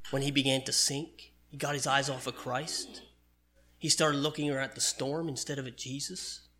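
A man's voice: fairly high pitch, moderate pace, sharp tone. A man preaching a sermon in an earnest, conversational way, reading and explaining scripture.

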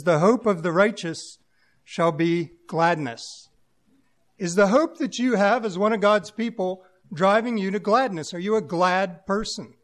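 A man preaching a sermon to his congregation, musing aloud in a plain-spoken way and using homely examples. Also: high voice.

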